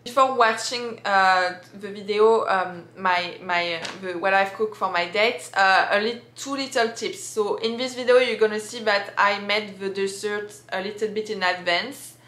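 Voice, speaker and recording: A woman's voice: mid-range voice, steady tone, a little slow, hardly any pauses, fairly bright tone. A young woman from France with a French accent, chatting casually in a vlog with many fillers and restarts. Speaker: vlogger. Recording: echoey room.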